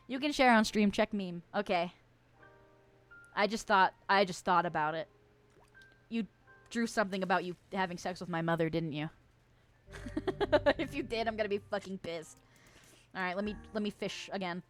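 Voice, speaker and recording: Streaming gameplay, a woman with a medium-pitched voice chats casually with her viewers and curses frequently, talking a little slowly and pausing often. Soft music plays in the background.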